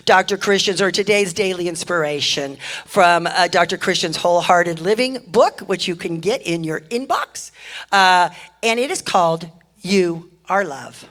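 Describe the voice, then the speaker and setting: A woman's voice: lowish voice, fairly bright tone. A woman making effusive, heartfelt announcements to a church congregation on a handheld microphone, often repeating her thanks. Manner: effusive, repeats thanks, talks with a catch of emotion. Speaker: church speaker giving announcements. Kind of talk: warm announcements at a church service. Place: church sanctuary.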